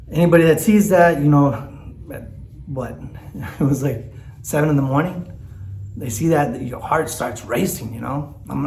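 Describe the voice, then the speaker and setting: A man's voice: medium pitch, vocal fry, a little mellow, roomy sound, slight background noise. A man talks candidly in a personal vlog, teary and rambling, with lots of fillers and restarts. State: teary, choked up. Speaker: vlogger. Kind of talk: emotional personal vlog talk.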